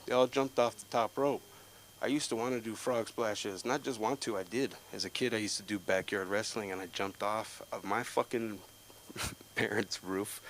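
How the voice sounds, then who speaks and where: A man at an open mic, telling a rambling, profane stand-up story and bursting into loud quoted voices. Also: lowish voice, a little hiss or hum, low-quality recording. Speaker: stand-up comedian. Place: comedy club stage.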